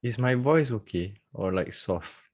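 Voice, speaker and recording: A man's voice: lowish voice, lively intonation, measured pace, darkish tone. A man hosting a casual live online trading class from home over a video call, chatty and joking, laughing often.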